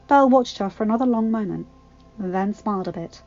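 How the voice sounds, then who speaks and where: A woman reading a fan fiction story aloud in a calm, even manner. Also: mid-range voice, brisk, lo-fi sound. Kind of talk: audiobook narration.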